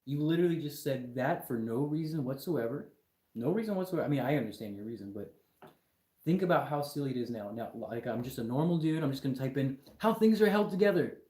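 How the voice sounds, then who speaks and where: Young man, livestream host, argumentative lecturing, mellow tone, echoey room. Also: mid-range voice, fast talker. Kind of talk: live stream talk to chat viewers.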